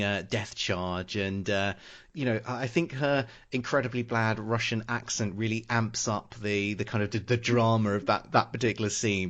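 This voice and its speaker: A man hosting a casual film-review podcast, reading his setup smoothly but halting with many fillers and restarts when speaking off the cuff. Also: lowish voice, a bit bright. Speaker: podcast host.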